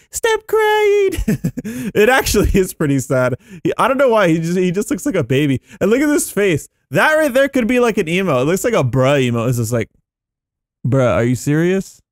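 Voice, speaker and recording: A man giving excitable, chatty gameplay commentary as a gaming YouTuber, thinking aloud as he goes. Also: a little high, dry recording, clean studio sound.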